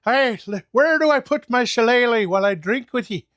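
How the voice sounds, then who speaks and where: An American man putting on a jolly, stereotyped pub-goer voice, loud and theatrical. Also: lively intonation, brisk, no echo, studio quality. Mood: mock-jolly. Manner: loud, theatrical, high and boisterous.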